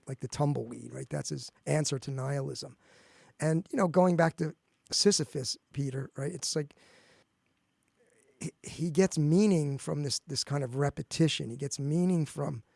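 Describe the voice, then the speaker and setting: Man, philosophy professor, gravelly and fairly high, dry close sound, casual discussion. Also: a little mellow, dry recording. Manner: thoughtful, restarts phrases often. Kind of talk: casual academic podcast discussion.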